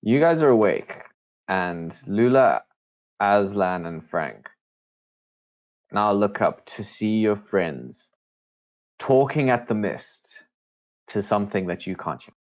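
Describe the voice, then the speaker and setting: A man narrating a tabletop game as game master in slow, hushed sentences. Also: fairly low pitch, expressive, highs cut off.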